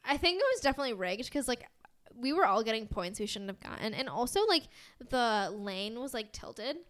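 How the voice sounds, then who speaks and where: A woman's voice: on the high side, lively intonation, fairly quick, fairly bright tone. A young woman with an American accent, chatting casually as a podcast co-host, rambling with lots of fillers and giggles. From United States. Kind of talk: casual chat.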